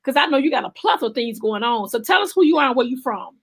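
Southern woman host, high voice, expressive, talks faith and business. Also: rapid-fire, husky. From Alabama. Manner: expressive, faith-filled, acts out her own quotes. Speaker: show host. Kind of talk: casual interview chat.

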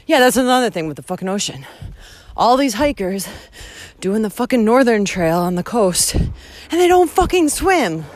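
Young woman, hiking vlogger, phone mic outdoors, breathless, blunt and sweary, pitch jumping all over. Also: moderate pace. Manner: blunt, heavy swearing, animated rants. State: out of breath from climbing. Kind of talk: casual walking vlog monologue. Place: outdoors on a rural trail. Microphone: phone held while walking.

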